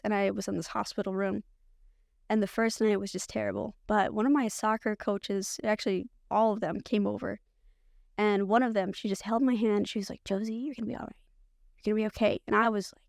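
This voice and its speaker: Woman guest on a podcast telling her story, lots of "like", kinda rambly, gravelly fry, dry close sound. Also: mid-range voice, a little mellow, no room sound. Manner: candid, rambling, frequent "like" fillers. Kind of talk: personal storytelling.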